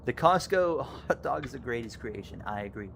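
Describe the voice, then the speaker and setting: A man giving casual live commentary on his racing game and chatting with viewers, rambling easily and breaking into loud excited yelling at close moments. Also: mid-range voice, normal speed, vocal fry, slight background noise.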